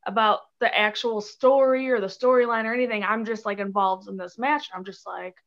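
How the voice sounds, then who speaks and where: A woman's voice: medium pitch, steady tone, a little fast, a bit bright, dull audio. A young woman from Chicago, a guest on a podcast, chatting casually and giggling, with many "like"s and "um"s. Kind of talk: casual interview chat.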